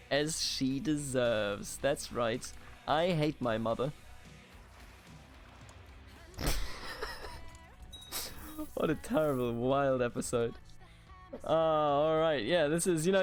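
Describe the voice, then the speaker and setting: A man from Germany hosting a let's play, muttering to himself in exasperation, swearing and mocking his own mistakes. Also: mid-range voice. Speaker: gaming video host.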